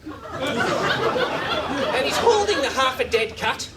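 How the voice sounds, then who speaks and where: A man doing a stand-up comedy set in a club, with a deadpan, awkward delivery full of hesitant restarts. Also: very high voice, very slow, recorded from a distance, heavy background noise. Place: comedy club stage with live audience. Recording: live club recording, loud crowd laughter.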